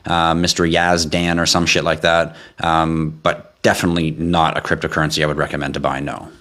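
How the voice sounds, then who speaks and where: A man's voice: very deep voice, level tone, fairly quick, pushed and bright. A man hosting a casual live stream, reading out viewer questions and answering them in a blunt, offhand, joking way.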